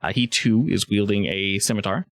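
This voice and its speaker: A man narrating a tabletop game as game master, relaxed and halting, with many fillers. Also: lowish voice, no room sound.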